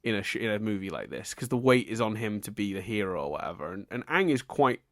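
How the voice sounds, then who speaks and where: Animated man on a podcast. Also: fairly low pitch, quick pace, dry recording, clean studio sound. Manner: animated, laughs often, acts out exasperated reactions. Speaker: podcast co-host. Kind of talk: casual podcast chat.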